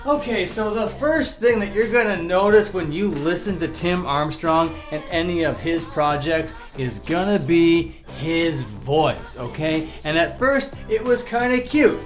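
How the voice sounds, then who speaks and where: A man's voice: fairly high pitch, animated, measured pace, hardly any pauses, faint music behind. A man hosting a mock-serious comedy commentary, lecturing sarcastically. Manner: sarcastic, lecturing, with mocking impressions. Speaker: youtuber host.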